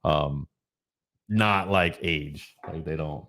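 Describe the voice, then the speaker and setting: A man's voice: extremely low pitch, takes it slowly, a bit bright. A man co-hosting a casual live show over drinks, playful and fond of trying out silly regional accents. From Florida. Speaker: podcast co-host.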